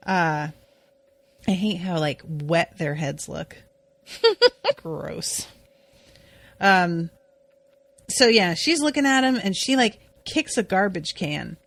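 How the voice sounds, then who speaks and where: Woman podcast co-host, unhurried casual recap, chatty with lots of fillers, close dry mic. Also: on the low side, dry recording. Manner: chatty, swears, many "like" fillers. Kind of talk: casual episode recap chat.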